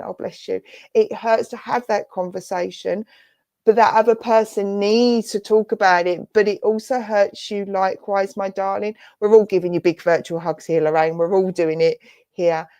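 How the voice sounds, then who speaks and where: An English woman speaks as a spiritualist medium, passing on messages in a soft, comforting, affectionate way. Her voice sits at an ordinary middle pitch for a woman. The sound is dry and close, with hardly any room around it. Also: no echo. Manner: soft, reassuring, affectionate, addresses listener as darling and lovely. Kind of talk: clairvoyant reading in an online church service. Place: church service streamed online.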